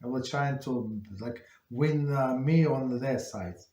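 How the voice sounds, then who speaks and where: A man, a rabbi, teaching an informal Torah class, telling stories in a halting, conversational way with many restarts. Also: medium pitch, mellow. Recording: roomy echo.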